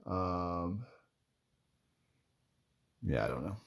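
A man's voice: deep voice, expressive, drawn-out words, gravelly. A man in casual running commentary as he flips through trading cards, rambling and chatty with lots of filler words. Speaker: card collector vlogger.

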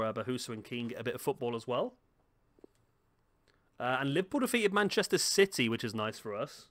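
A man's voice: mid-range voice, a bit bright. Guy chatting thru a football game at home, jokey, talks to the players on screen. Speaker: gaming YouTuber. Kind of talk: casual gameplay commentary. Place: home room.

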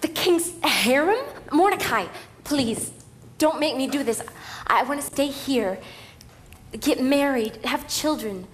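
A woman's voice: high voice, lively intonation, a little slow, slight background noise. An actress playing Hadassah, a frightened young woman begging her guardian not to send her away, in a musical play. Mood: pleading. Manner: pleading, anxious. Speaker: stage actor in a musical play. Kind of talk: musical theatre, spoken and sung. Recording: music underneath.

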